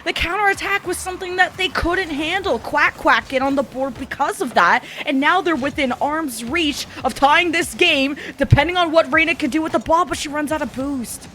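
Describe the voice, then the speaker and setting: High-voiced analytical esports caster woman. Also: normal speed, hardly any pauses, pushed and bright, slight background noise. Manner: analytical, laughs easily. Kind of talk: live color commentary.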